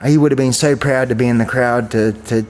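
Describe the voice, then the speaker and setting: A man's voice: mid-range voice, steady tone, a little fast, darkish tone, long reverb tail. Rambling man telling stories. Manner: rambling, many fillers and restarts, acts out quotes. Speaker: guest, champion kickboxer. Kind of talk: casual storytelling interview.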